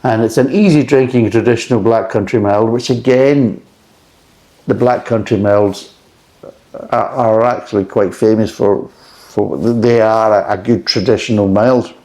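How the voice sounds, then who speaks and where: Man, beer reviewer, casual rambling chat, frank, warm dark tone. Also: fairly low pitch, unhurried.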